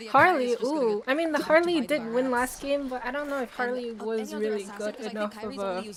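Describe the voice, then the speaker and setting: A woman hosting a casual live-stream watch party, excitable and teasing, swearing now and then. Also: fairly high pitch, moderate pace, crowd noise. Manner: excitable, swears, teases friends.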